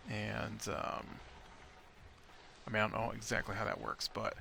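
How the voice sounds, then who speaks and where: A man's voice: on the low side, level tone, normal speed, vocal fry, sharp tone, slight background noise. An American man giving casual gameplay commentary, thinking aloud and rambling with lots of fillers. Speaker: let's play host.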